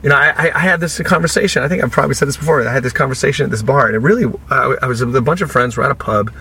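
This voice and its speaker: A man with a bright, forceful voice talks casually as an interview guest. He is an animated storyteller who slips into the voices of the people he quotes. A faint hiss sits under his speech. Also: medium pitch, racing. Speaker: podcast guest, author and speaker.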